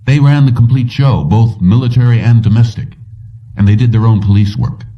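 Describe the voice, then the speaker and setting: A man voicing a weary middle-aged police commissioner who talks in a somber, measured way. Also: medium pitch, distant mic, highs cut off, lightly acted.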